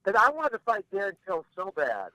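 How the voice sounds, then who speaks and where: A man's voice: high voice, wildly swooping pitch, fairly quick, pushed and bright, no room sound, low-quality recording. A man talking bluntly as a podcast guest, rambling and restarting his sentences in casual chat. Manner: blunt, rambling, repeats words when starting.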